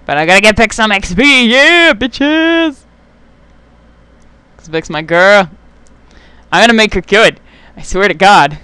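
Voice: mid-range voice, moderate pace, sharp tone, clean tone, no echo. A young adult gamer giving casual let's play commentary, swearing often, getting worked up and talking back to the game.

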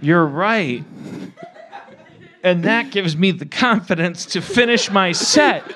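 A man hosting a podcast, goofing through an improvised comedy scene with self-mocking bursts of shouting. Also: sits high, expressive, takes it slowly. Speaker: podcast host.

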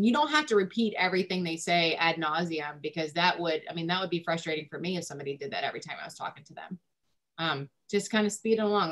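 A woman's voice: on the low side, a bit bright. A woman family therapist explaining parenting in casual talk, with lots of "um" and "like". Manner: informal, many fillers like "um" and "like".

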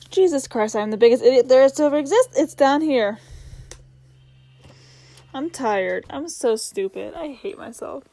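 Her high-sitting voice is warm and animated, measured in pace with frequent pauses, and there's no room sound, just faint game music. The young gamer reads the on-screen text aloud while playing, muttering in exasperation and poking fun at herself.

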